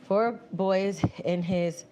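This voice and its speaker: Woman streamer, casual chat, walking on treadmill, animated, faint room hum. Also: mid-range voice, drawn-out words. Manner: animated, laughing, reads viewer messages aloud and answers them. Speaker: livestream host reading chat. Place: home, indoors on a treadmill.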